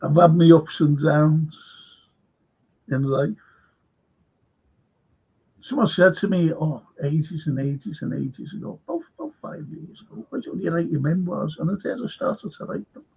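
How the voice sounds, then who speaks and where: Hosting a livestream, this older man from Liverpool speaks with the city's accent, swearing without restraint and drifting from one story to the next with plenty of fillers. His fairly high voice is expressive, gravelly and husky, a little slow and broken by many pauses, on a lo-fi recording.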